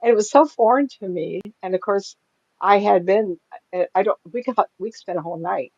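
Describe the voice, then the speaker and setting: A woman's voice: mid-range voice, a little fast, darkish tone, no echo, muffled recording. An older woman, a psychic medium, telling stories from her life in a chatty way, often laughing and acting out the voices of people she quotes, recorded at home. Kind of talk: casual storytelling.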